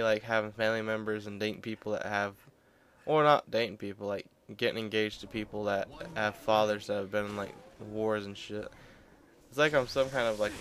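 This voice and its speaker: Casual gaming commentary comes from a young man whose lowish voice has a bit of brightness, rambling and joking offhandedly as he plays. There's a little hiss or hum in the audio.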